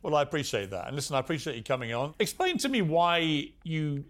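A man's voice: on the high side, animated, fast, a bit bright. A man with a British accent hosting a TV talk show, giving a pointed, indignant opinion monologue full of rhetorical questions, then questioning a guest.

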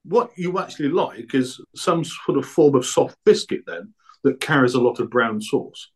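A man's voice: medium pitch, animated, moderate pace, breathy edge. A man chatting enthusiastically as a podcast guest about the food he makes. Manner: enthusiastic, chatty about his own produce. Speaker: guest, black pudding producer. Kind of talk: casual podcast interview.

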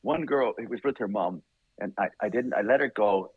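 A male voice actor being interviewed, telling animated, rambling stories and laughing often. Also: lowish voice, a little fast, husky, no echo, narrow, tinny audio. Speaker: voice actor guest. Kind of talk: casual interview storytelling.

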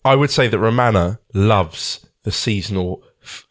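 A man co-hosting a podcast in casual chat, dry and wry, with halting restarts. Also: lowish voice. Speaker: podcast co-host.

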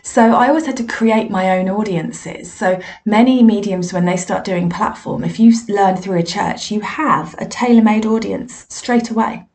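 A woman speaks candidly into her podcast, recounting her own failures in a frank, self-deprecating, conversational way. Her voice sits at an ordinary middle pitch for a woman. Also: normal speed, hardly any pauses, a little mellow. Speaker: podcast host and medium. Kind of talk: personal storytelling monologue.

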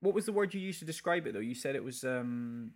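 Guy hosting a chatty show, loses his words a lot, average pitch. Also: lively intonation, fast talker, darkish tone. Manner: rambling, searches for words with many fillers. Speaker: podcast host. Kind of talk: casual entertainment news chat.

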